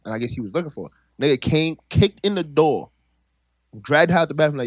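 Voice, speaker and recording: A man with a slightly high voice, talking fast as he spins a story with acted-out quotes. The recording is dry and close. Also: expressive, no room sound. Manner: storytelling, acts out quotes, rambling restarts. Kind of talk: casual chat among friends.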